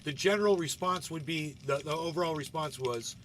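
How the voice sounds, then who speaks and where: A man hosting a casual livestream, talking in a loose, rambling way and swearing freely. He keeps checking in with his listeners with a quick "right?". Faint keyboard typing sits in the background, and his voice is slightly high for a man. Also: fairly bright tone, slight background noise. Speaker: livestream host. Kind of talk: casual live commentary.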